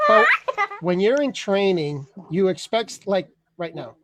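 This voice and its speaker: A man hosting a comedy open mic over a video call, telling an animated, exasperated bit and laughing at his own jokes. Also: high voice, measured pace, heavy background noise. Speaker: comedy show host.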